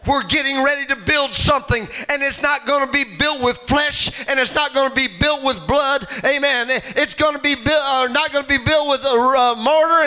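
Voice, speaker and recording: A man preaching a sermon in a church, impassioned and building to shouts with frequent amens. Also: very high voice. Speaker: pastor.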